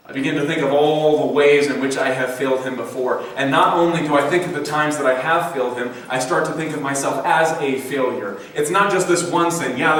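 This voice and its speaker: A man's voice: medium pitch, fairly bright tone, a little hiss or hum. A man preaching a sermon, dramatically voicing quoted thoughts and the words of the people he tells about. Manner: dramatic, acts out quoted voices. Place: church sanctuary. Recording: echoey church hall from a distance.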